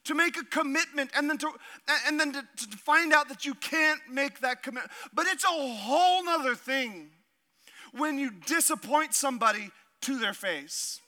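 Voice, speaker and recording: A man with a notably high, bright, forceful voice, preaching a sermon. He reads scripture aloud and then drops into animated, humorous asides. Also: normal speed. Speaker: pastor.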